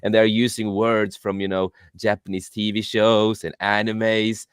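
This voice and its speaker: Man, very low smooth voice, dry close sound, profane, laughs a lot, casual chat. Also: measured pace, no room sound. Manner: profane, laughs often, animated storytelling. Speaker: podcast co-host.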